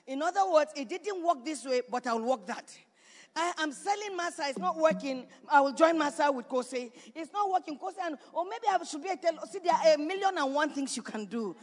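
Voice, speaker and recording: High-voiced woman preaching in a hall. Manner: preaching with rising shouts and repetition. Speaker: pastor. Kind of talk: sermon. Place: church. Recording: reverberant church hall.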